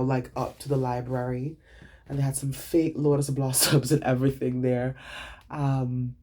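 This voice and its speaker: A young man, a student, retelling his day in a casual vlog, animated and dramatic, swearing freely. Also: a little high, creaky, slightly rough.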